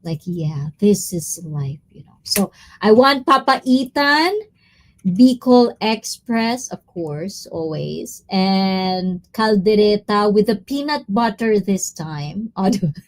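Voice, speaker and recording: A woman chats casually to her live-stream viewers, calling out their names. Her pitch swings up and down constantly while she takes her time, and she gets giggly and excited at the smallest thing. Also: slow pace, a little hiss or hum. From Philippines. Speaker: livestreamer reading chat.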